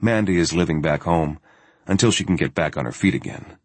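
Low husky man narrating a journal. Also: fairly quick, dry recording. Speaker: audiobook narrator. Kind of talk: first-person journal narration.

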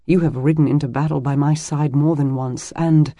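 A man voicing a gentle, teasing medieval warrior who speaks low and tenderly. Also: steady tone, moderate pace, dry recording, clean studio sound.

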